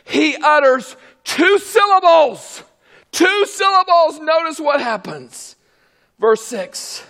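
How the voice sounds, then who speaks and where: A man preaching a fervent sermon, swinging from low murmurs to shouted exclamations. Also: animated, slow.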